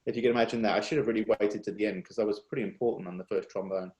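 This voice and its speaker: A man speaks over a video call in a rather low voice, earnest and confessional, often stopping and restarting his sentences. His voice carries a roomy echo. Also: steady tone, rapid-fire, a little mellow. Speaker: speaker at a worship workshop. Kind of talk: personal testimony.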